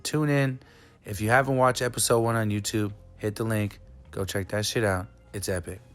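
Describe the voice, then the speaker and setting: A man's voice: lowish voice, fairly even intonation, moderate pace, faint music behind. Laid-back, slangy male podcast host. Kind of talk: casual podcast intro and chat.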